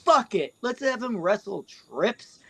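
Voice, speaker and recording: Brief: rambling, profane male co-host, slow and higher-pitched. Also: big pitch swings, vocal fry, a loud crowd. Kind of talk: casual podcast banter.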